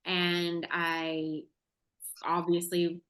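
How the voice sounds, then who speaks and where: A woman's voice: on the low side, completely flat delivery, very slow, a bit bright. A woman guest on a podcast, candidly and expressively telling her personal story.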